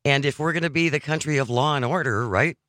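A man's voice: a little high, fast, fairly bright tone, dry recording. A man hosting a radio talk show, speaking conversationally and earnestly, laying out his points one by one in a studio. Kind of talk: casual political talk.

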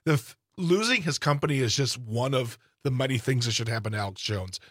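A man co-hosting a news podcast who answers each story with blunt, indignant remarks. His voice is at a middle pitch for a man, recorded close and dry. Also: lively intonation, fairly quick, fairly bright tone, husky, dry recording. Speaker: podcast co-host.

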